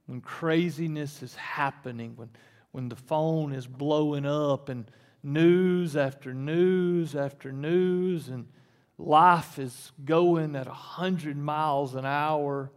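This pastor's voice sits on the high side, and he takes his time as he preaches in a church sanctuary. He moves between easy conversation and emphatic peaks, with the hall's long reverb audible throughout.

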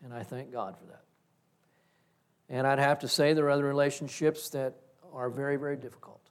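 A man's voice: medium pitch, steady tone, fairly quick, clean tone. A middle-aged male pastor giving a reflective, story-driven sermon.

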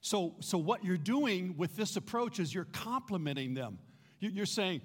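A man's voice: high voice, lively intonation, moderate pace, big-room sound. A middle-aged man from the United States giving a practical church teaching, plain-spoken and prone to repeating words as he restarts. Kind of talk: sermon-style teaching.

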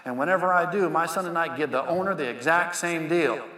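Preacher as folksy cowboy God, firm and fatherly, bright voice, echoey hall. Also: on the high side, a little fast. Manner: folksy, preachy, calls listener son. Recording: echoey hall with long reverb.

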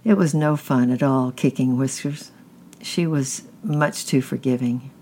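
A gentle storybook reader working through a children's chapter book aloud at an unhurried pace. The reading is plain and warm, with small slips and restarts along the way. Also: mid-range voice, fairly even intonation.

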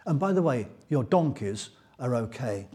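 A man's voice: mid-range voice, big pitch swings, moderate pace, dark tone, close to an everyday voice. A man voicing an older male prophet in a Bible story retelling, speaking in a playful, teasing way.

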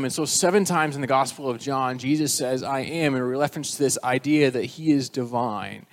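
A man's voice: mid-range voice, moderate pace, few pauses. A male pastor preaching a sermon, emphatic and rising on key phrases, with casual asides to the congregation.

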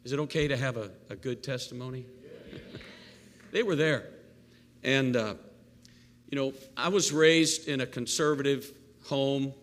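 A male pastor giving a live sermon, animated and playful, with jokey asides and call-and-response with the congregation. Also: medium pitch, a little slow, pauses often, a little hiss or hum. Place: church sanctuary. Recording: long reverb of a church hall.

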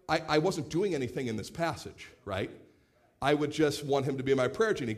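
A man in his late thirties preaching a sermon as pastor, animated, acting out quoted voices and repeating words as he starts phrases. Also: a little high, brisk. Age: 30s.

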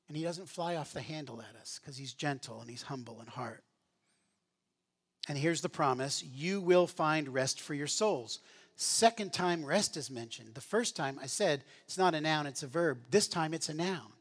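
A man preaching a sermon in an earnest, conversational teaching manner, often restarting his phrases. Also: fairly high pitch. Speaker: pastor.

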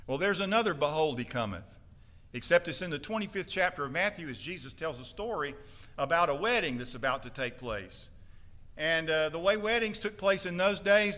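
A man preaching a sermon as pastor in a church, emphatic and building to loud declarations. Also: fairly high pitch, long reverb tail. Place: church sanctuary.

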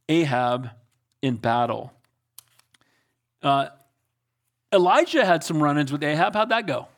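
A man preaching a sermon as a pastor, emphatic and conversational, often asking the congregation "amen?" and "right?". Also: on the high side. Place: church sanctuary before a congregation.

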